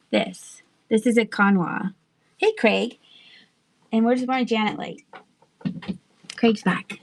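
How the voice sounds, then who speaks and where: A woman's voice: mid-range voice, creaky. A woman hosting a live-stream sale, chatting casually, thinking aloud with asides and trailing sentences, and laughing often. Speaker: live online seller. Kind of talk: live-stream sales chat.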